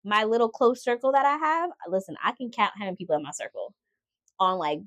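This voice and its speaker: A woman co-hosting a podcast in casual chat, expressive, exclaiming and acting out her own reactions. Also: medium pitch, fast talker, no echo. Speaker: podcast co-host.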